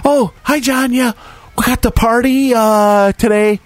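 A man's voice: very high voice, fairly even intonation, measured pace, no room sound, pitched above the performer's own voice. A man putting on the voice of a scatterbrained woman party organizer, hesitant and full of filler words. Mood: flustered.

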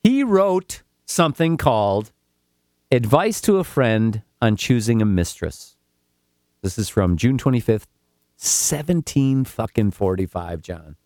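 A man's voice: medium pitch, sing-song, a little slow, a little mellow, no room sound, clean studio sound. A man co-hosting a casual comedic chat, telling stories with swearing and mock voices. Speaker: podcast co-host.

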